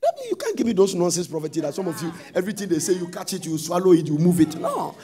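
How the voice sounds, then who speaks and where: A man preaching a sermon, telling stories and rising into sudden loud sung-out phrases. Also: sits high, very animated, very fast.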